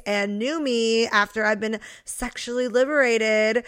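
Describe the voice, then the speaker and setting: A woman's voice: fairly high pitch, steady tone, moderate pace, hardly any pauses, a bit bright, clear, resonant tone. A woman co-hosting a podcast in casual chat, candid and chatty, now and then reading a listener's message aloud. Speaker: podcast co-host.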